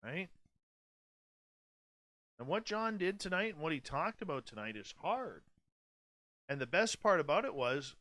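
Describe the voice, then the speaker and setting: A man's voice: on the high side, sing-song, a little slow, pauses often, bright, forceful tone, dry recording. A man in his forties hosting a radio show, speaking bluntly and candidly in a casual late-night monologue. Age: 40s. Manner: blunt, candid and profane, with many restarts.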